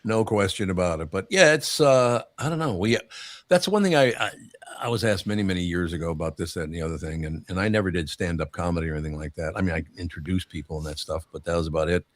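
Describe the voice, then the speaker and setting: A man's voice: sits low, fast talker, no echo. An older man hosting a live podcast, rambling through stories in casual chat and laughing often. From United States. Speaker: radio show host.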